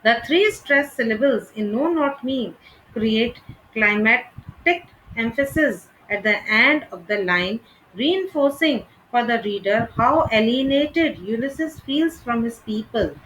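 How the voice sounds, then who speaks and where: A woman reads a literature lesson from a script. She speaks unhurriedly and deliberately, in a slightly high voice, with a faint hum in the background. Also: animated, fairly bright tone, rough recording. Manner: measured, deliberate reading. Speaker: literature teacher.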